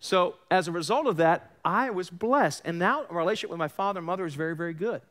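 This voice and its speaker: Animated New pastor preaching. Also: male voice, sits high, fast talker. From Long Island, New York. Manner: animated storytelling, acts out quoted voices, sarcastic asides. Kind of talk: sermon.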